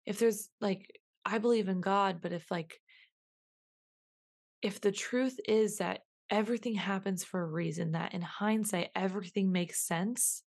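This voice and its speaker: A woman's voice: medium pitch, steady tone, measured pace, gravelly, a little mellow. Musing woman, repeating her questions. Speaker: podcast host. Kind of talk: reflective solo podcast monologue.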